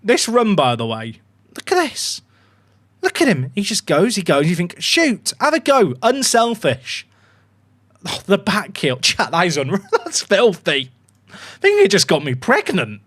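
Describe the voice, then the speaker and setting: Excitable man streaming a football game. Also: high voice, unhurried. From England. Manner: excitable, chatty, swears casually. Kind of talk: live gaming commentary.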